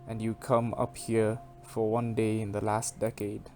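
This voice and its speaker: A grieving sister answers with cold scorn in a low voice, as a man reads her part from a game. Each line cuts at the listener, and faint music sits underneath. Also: completely flat delivery, a little slow, a little mellow. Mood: scornful. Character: bitter woman defending her dead sister. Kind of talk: reading game dialogue aloud.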